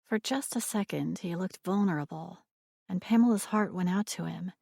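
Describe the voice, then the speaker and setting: A woman narrating a romance audiobook in a measured, expressive reading. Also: lowish voice, creaky, slightly rough, no room sound, studio quality.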